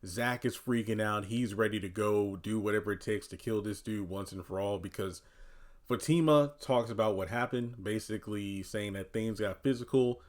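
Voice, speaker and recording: A man's voice: fairly low pitch, moderate pace. A man giving casual commentary on a TV episode, talking loosely with lots of "you know" and "uh". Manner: animated voicing of quoted characters. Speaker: TV recap commentator.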